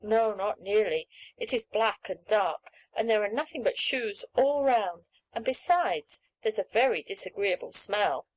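Woman doing a high eager little girl, begging and excited, storybook reading. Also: measured pace, hardly any pauses, poor audio. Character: eager, wheedling little girl about seven.

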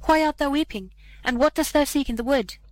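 A woman voicing a small, gentle, grateful hare in a read-aloud fairy tale, speaking in old-fashioned, kindly words. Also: sits high, brisk, voice pushed up, close to an everyday voice. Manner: archaic, kindly.

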